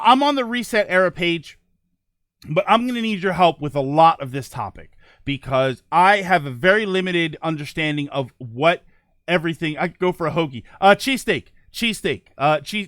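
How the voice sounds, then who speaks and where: A man with a high, animated voice hosts a casual live stream and talks straight to his viewers. He rambles and corrects himself as he goes. The sound is dry and close, with no room around it. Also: no room sound. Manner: rambling, self-correcting, reads chat aloud. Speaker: livestream host.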